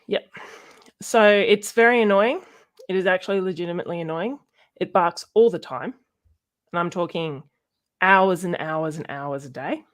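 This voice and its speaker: A young Australian woman talks casually on a livestream, her voice sitting a little low. She rambles and stops often, with plenty of fillers as she works through her notes. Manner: rambling, halting with many fillers. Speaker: streamer. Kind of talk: casual livestream chat about science.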